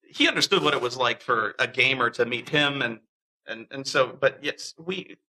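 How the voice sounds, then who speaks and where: A man tells a story in a casual, animated way, acting out the voices of the people he quotes. His voice is very bright, and he often restarts his sentences. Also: mid-range voice, normal speed, a little hiss or hum, rough recording. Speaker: interviewee.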